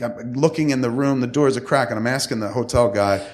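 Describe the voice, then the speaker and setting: A man's voice: medium pitch, fast. A man in his fifties, a podcast co-host telling a long story in casual, profane talk and acting out the voices of the people in it. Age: 50s. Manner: profane, animated, acts out quoted voices.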